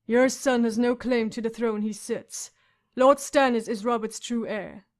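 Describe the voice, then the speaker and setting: A woman voicing a grim middle-aged lord in an audiobook, speaking firmly and measured. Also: on the high side, natural voice. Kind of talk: audiobook character voice.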